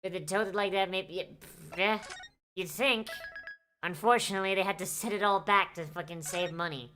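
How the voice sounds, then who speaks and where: A woman's voice: lowish voice, normal speed, bright, forceful tone, faint music behind. A woman streaming a mystery game, reading characters aloud and breaking off into profane, sardonic asides. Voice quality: swears freely, sardonic. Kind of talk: let's-play with character voices and profane asides.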